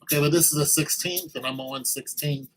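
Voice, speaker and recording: A man's voice: fairly high pitch, steady tone, a little fast, fairly bright tone, poor audio. A man making a track and thinking aloud as he works, casual and self-critical, with slang. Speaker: music producer. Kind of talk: casual tutorial commentary. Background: music playing.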